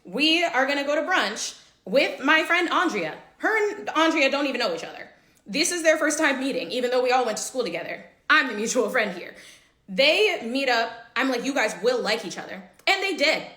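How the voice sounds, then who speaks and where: A young woman with a high, bright voice tells a juicy story about a friend while she gets ready. She talks casually and dramatically and acts out everyone's lines. The recording has a roomy, echoey feel. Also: normal speed. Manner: animated, dramatic retelling with quoted dialogue.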